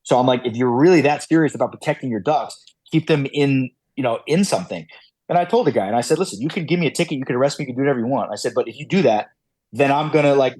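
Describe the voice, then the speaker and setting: A man's voice: medium pitch, darkish tone, slightly rough, no echo. A man guest on a podcast, telling hunting stories casually, with many fillers and restarts. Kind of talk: casual storytelling.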